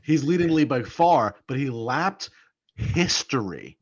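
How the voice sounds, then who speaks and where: A man's voice: medium pitch, big pitch swings, a little slow, husky, highs cut off. A man co-hosting a casual sports podcast, swearing freely and repeating points for emphasis. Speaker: podcast co-host.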